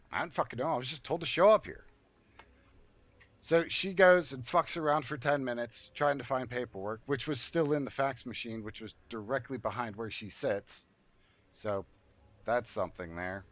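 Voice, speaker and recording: Streaming a game, a man tells a story casually, swearing and sounding indignant, with heated outbursts. His voice is medium in pitch and fairly bright. The recording is dry, muffled, and lo-fi.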